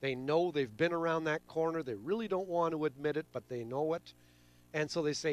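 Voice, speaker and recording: A man on a radio talk show explaining how hearing works, animated and given to acting out sounds with his voice. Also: fairly high pitch, fairly quick, lo-fi sound. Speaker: hearing expert guest.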